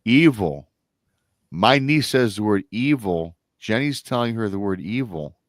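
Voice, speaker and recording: A man's voice: lowish voice, expressive, normal speed, no echo. Rambling man telling a family story. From Michigan. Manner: rambling, with restarts and acted-out quotes of family members. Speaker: guest storyteller. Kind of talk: casual storytelling on a live stream.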